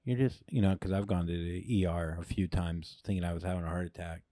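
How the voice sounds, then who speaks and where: A man co-hosting a casual comedy podcast, telling a story with lively jumps in pitch and swearing. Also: fast, dry recording, studio quality. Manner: animated storytelling, acts out quoted voices. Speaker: podcast co-host.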